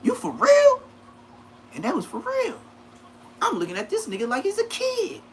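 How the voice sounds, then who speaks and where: A man's voice: very high voice, a little fast, slight background noise. A man, telling profane stories on a casual livestream and acting out what people said in a raised voice. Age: 30s. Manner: animated, profane, acts out quotes in a raised voice.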